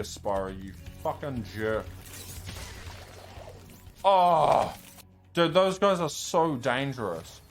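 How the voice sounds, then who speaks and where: Slow-talking swearing speedrunner man. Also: medium pitch, big pitch swings, faint music behind. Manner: frustrated, swears and shouts at enemies. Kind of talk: live gameplay commentary.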